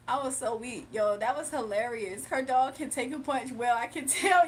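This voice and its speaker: A woman's voice: high-pitched, moderate pace, a little hiss or hum. A young woman hosting a casual livestream, telling stories with lots of laughter and reading chat comments aloud. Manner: laughs often, animated storytelling, talks to chat. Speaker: livestream host.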